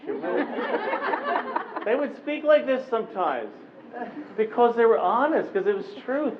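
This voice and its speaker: Animated storytelling man on a tinny recording. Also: sits high. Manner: animated, anecdotal, often slips into voicing the people he quotes. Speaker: keynote speaker. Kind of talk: storytelling keynote address. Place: conference room with a live audience. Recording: tinny phone-like recording with faint noise.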